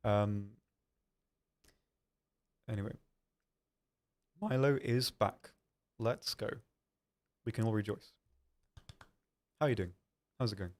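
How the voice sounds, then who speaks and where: Chatty young man, lowish voice. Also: slow, long pauses, a little mellow. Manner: chatty and self-deprecating, reads viewer questions aloud and answers with frequent ums. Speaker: stream host answering chat. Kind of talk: casual live-stream chat.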